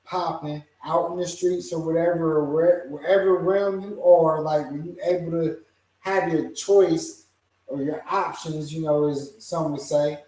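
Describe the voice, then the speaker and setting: A man's voice: on the high side, steady tone, unhurried, a little mellow. A man hosting a casual podcast chat, easygoing, laughing often and hedging with fillers. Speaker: podcast host. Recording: echoey room, voice far from the mic.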